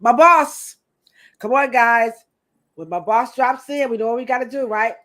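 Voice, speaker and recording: A woman co-hosting a hair podcast in a chatty, animated way, turning often to her co-host. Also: a little high, normal speed. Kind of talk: casual podcast chat.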